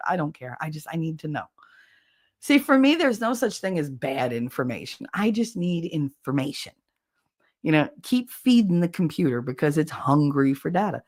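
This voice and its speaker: Chatting loosely with her livestream audience, a forties-aged woman tells frank, crude stories and laughs frequently. She speaks at a normal speed in a low, sing-song voice with a somewhat dark tone.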